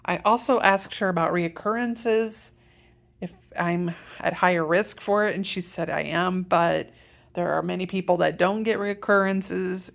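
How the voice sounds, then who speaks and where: In an unhurried, fairly even tone, a middle-aged Iowa woman with a low, vocal-fry voice vlogs casually about her treatment. As a patient giving a health update, she meanders and keeps correcting herself.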